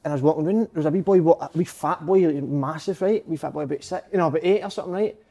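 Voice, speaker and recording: A Scottish man telling quick anecdotes in casual banter, full of swearing and "mate". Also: fairly high pitch, gravelly, dark tone.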